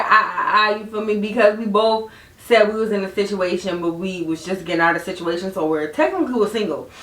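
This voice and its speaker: A young woman hosts a laid-back storytime podcast, lively and laughing often, her pitch jumping all over. She's seated a bit away from the microphone in a room with noticeable echo.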